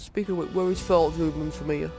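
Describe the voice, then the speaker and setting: A man's voice: on the high side, fairly even intonation, fast talker, vocal fry, over music. A man giving casual, sweary, exasperated commentary while playing a game. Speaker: gaming video host.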